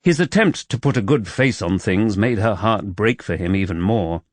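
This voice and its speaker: A man reading a romance audiobook as narrator, calm and measured. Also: on the low side, dry recording. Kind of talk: scripted narration.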